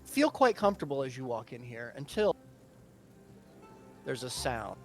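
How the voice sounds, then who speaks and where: A man narrating as game master of a tabletop game, halting and full of fillers and restarts. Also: mid-range voice, sing-song, faint music behind.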